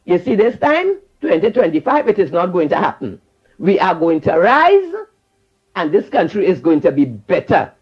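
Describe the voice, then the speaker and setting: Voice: mid-range voice, very animated, moderate pace, slightly rough. A caller with a Trinidadian accent, scolding fervently and repeating phrases on a call-in show. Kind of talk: impassioned call-in rant. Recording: dull lo-fi call-in line.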